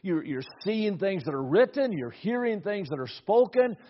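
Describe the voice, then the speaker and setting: A man's voice: high voice, sing-song, moderate pace. A middle-aged man preaching a sermon, telling a family story with repeated words at the start of phrases. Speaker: pastor. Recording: dull lo-fi recording.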